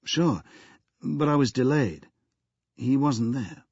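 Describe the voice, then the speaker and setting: A man's voice: medium pitch, lively intonation, slow pace, darkish tone, slightly rough, no room sound, lo-fi sound, voice pushed up, full character voice. A man voicing a nervous, evasive young male tycoon who answers hesitantly and stumbles over his words. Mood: explaining.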